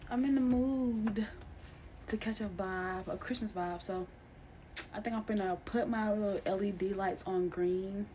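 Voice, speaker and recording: A young woman chats to her camera in a loose, slangy, playful vlog style. Her voice sits in a middle pitch. A faint background hum runs under her talk. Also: unhurried, warm tone. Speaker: vlogger. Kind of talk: casual vlog chat.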